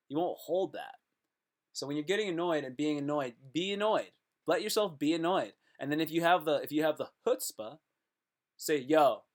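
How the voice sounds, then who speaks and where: A man talking to his viewers in a rambling casual monologue, joking around and cutting himself off. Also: fairly high pitch. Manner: jokey, self-interrupting, slips into playful put-on voices.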